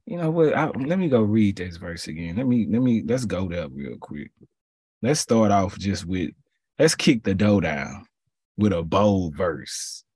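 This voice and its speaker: Husky man preaching in casual slang. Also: low voice, expressive, unhurried, darkish tone, no room sound, studio quality. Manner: conversational, slangy, repeats phrases. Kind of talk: casual sermon.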